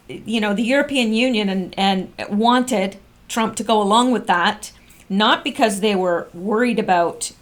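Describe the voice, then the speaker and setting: A woman reading posts aloud slowly and commenting on them in casual chat, with frequent ums and restarts. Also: mid-range voice. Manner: reads slowly and comments with fillers. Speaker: online commentator.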